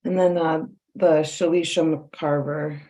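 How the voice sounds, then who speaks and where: A woman's voice: sits low, steady tone, slow pace, mellow, rough recording. A woman acting as defense attorney, speaking hesitantly to the court.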